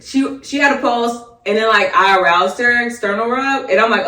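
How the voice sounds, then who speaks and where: A woman's voice: on the high side, normal speed, sharp tone. A woman who works as a nurse, telling workplace stories in a casual chat, laughing often and swearing freely. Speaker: nurse, podcast co-host. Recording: echoey room, distant mic.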